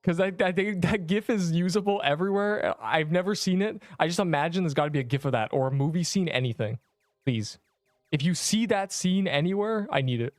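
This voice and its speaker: Playing an online game on a live stream, this man speaks in a high, animated voice, a little fast. He's playful and self-mocking as he reacts to chat, and the sound is clean studio audio without echo.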